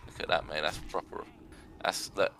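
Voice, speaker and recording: A young man giving sarcastic, excitable commentary on a video game match and swearing now and then. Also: moderate pace, dry recording. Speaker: arena commentator.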